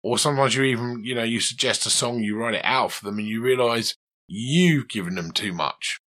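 A man's voice: medium pitch, brisk, fairly bright tone. A man teaching a guitar lesson, chatting and asking his student questions as he coaches. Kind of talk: conversational one-to-one lesson.

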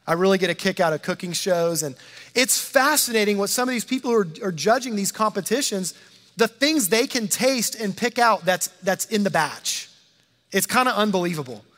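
Male pastor, high-pitched, conversational sermon delivery, acts out quotes, long hall reverb. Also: animated, normal speed, a bit bright. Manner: conversational preaching, dramatizes quotes, repeats words.

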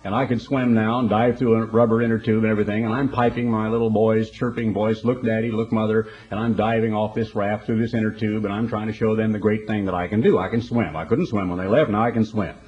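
A man's voice: lowish voice, steady tone, quick pace, hardly any pauses, dull audio. A man preaching a broadcast sermon in a folksy, conversational storytelling manner.

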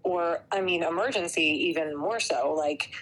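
A woman who works as a veterinary tech, co-hosting a podcast in casual chat, blunt and quick to laugh, with lots of "like" fillers. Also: on the low side, rough recording. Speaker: podcast co-host.

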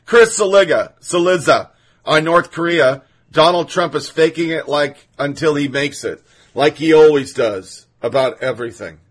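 A man hosting a political commentary podcast, reading quotes aloud with sarcastic, indignant asides. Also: fairly high pitch. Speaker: podcast host.

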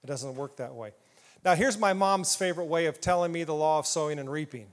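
A man from southeast Iowa preaching a sermon, animated and playful, asking the congregation questions. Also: a little high, brisk. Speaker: pastor. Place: church hall. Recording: long hall reverb.

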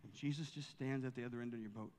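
In a church sanctuary, a pastor preaches a sermon with rising fervor, building up to reading scripture aloud with passion. His mid-range voice is steady and slightly mellow, moving at a quick pace, and it echoes as in a large hall.

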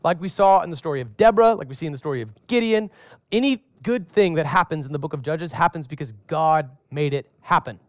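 A pastor preaching a lively sermon, acting out voices for humor and asking the congregation to answer him. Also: male voice, a little high, fast, dry recording. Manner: asks the congregation questions and has them respond.

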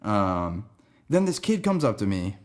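A young man tells a story on his podcast in a loose, rambling way. His voice sits a little low and stays relaxed, with plenty of "dude" and "man" along the way. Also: a little slow. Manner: rambling, laid-back, says "dude" and "man" a lot. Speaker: podcast host. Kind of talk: casual storytelling monologue.

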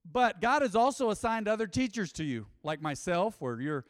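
A man preaching a sermon in a church, animated and emphatic, acting out quotes. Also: high-pitched, moderate pace, dry recording, clean studio sound, in a large hall. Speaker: pastor.

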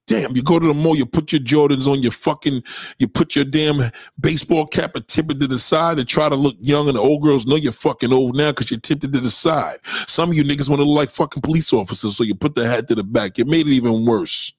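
A man's voice: mid-range voice, brisk, breathy edge, dry recording, studio quality. A man delivering a profane, comedic rant to camera, telling stories with heavy swearing and street slang. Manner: animated storytelling, acts out quoted voices.

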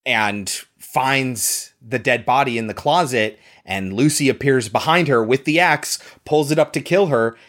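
Guy recapping a movie plot on a podcast, lively and sweary, middle pitch. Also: a little slow, hardly any pauses. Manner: animated storytelling, swears, acts out lines. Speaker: podcast co-host. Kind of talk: casual film recap.

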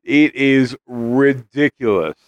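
A man's voice: medium pitch, slow, dry recording, highs cut off. A man co-hosting a podcast, laid-back, answering in brief replies. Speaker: podcast co-host. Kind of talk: casual comedic movie review chat.

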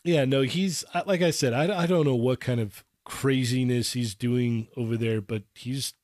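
A man's voice: medium pitch, darkish tone, no echo. Teasing man with a dry close voice. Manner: teasing, chuckling, drawn-out asides. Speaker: podcast co-host. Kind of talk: casual chat among collectors.

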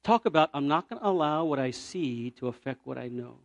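A man from Puerto Rico preaching a sermon as a traveling evangelist, telling a story and swinging from loud cries to hushed, near-whispered moments. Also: medium pitch, expressive, brisk, gravelly, dry recording, lo-fi sound.

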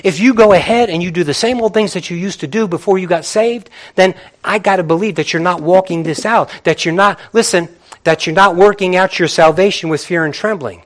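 Middle-aged male pastor, high voice, lively conversational preaching with acted-out asides. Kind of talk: sermon.

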